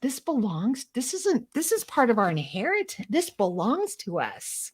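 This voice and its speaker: A woman's voice: fairly high pitch, wildly swooping pitch, unhurried, slightly rough. A middle-aged woman hosting a casual faith discussion, chatty and self-deprecating, acting out little prayers and inner dialogue as she talks. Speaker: host of a Torah study show.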